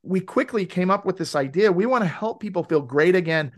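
A man as a podcast guest, telling a story in a casual, animated way and acting out quoted voices. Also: high voice, a little fast. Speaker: podcast guest, wellness advocate.

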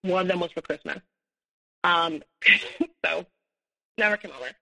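A woman's voice: lowish voice, unhurried, creaky, pushed and bright, poor audio. A woman guest on a podcast, telling a personal story with many fillers and restarts, and acting out the dialogue she quotes. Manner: acts out quoted dialogue, rising when heated.

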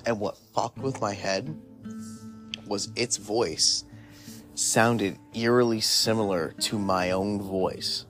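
A man's voice: fairly low pitch, fairly even intonation, takes it slowly, over music. A young man casually telling a candid personal story, rambling and full of "like" fillers. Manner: rambling, heavy use of "like"; candid, confessional. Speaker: podcast host.

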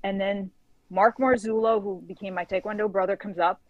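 A woman telling a casual story as a guest, lively and acting out the dialogue, leaning on "like" as a filler. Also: medium pitch, brisk, no room sound, phone-quality sound. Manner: lively storyteller who acts out quoted dialogue; frequent filler "like". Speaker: guest author.

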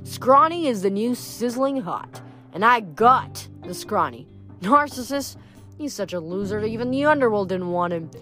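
A woman's voice: mid-range voice, lively intonation, moderate pace, bright, forceful tone, faint music behind. A woman voicing a cocky, joking teenage boy who drawls his boasts and teases. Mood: boastful.

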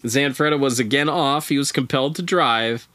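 A man's voice: medium pitch, moderate pace, bright, forceful tone, no room sound, clean studio sound. A man who is a podcast guest, telling a strange story in laid-back, casual chat with profane, wry asides.

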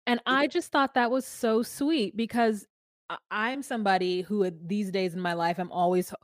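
A woman's voice: mid-range voice, fairly even intonation, normal speed, dry recording, studio quality. A woman co-hosting a podcast, recapping a reality show in casual, joking chat. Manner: chatty, joking, sings silly made-up lyrics. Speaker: podcast co-host.

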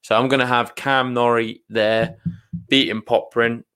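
A man's voice: medium pitch, flat delivery, measured pace, fairly bright tone, smooth. A man co-hosting a podcast, talking earnestly in casual chat, hedging and repeating himself. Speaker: podcast co-host.

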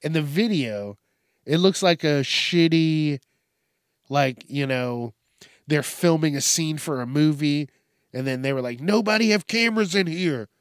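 A man hosting a profane comedic news show, ranting and telling stories in a crude, animated way. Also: a little high, a little slow, smooth, dry recording, clean studio sound. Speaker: show host.

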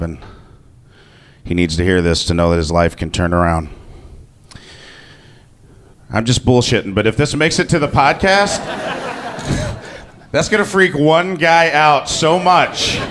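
A man's voice: low voice, fairly bright tone, a little hiss or hum. A man telling a personal story to an audience in a casual, joking way, swearing freely. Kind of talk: live comic personal storytelling.

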